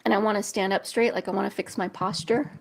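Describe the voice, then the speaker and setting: A woman hosting a live intuitive reading show, speaking softly and slowly, at times close to tears. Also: medium pitch, steady tone, creaky. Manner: soft, gentle, slow and emotional. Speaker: intuitive reader, show host. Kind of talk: live psychic reading session.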